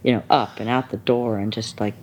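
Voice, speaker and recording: A woman guest talking candidly in conversation, animated, laughing often and acting out the people she quotes. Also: a bass voice, brisk, a little hiss or hum.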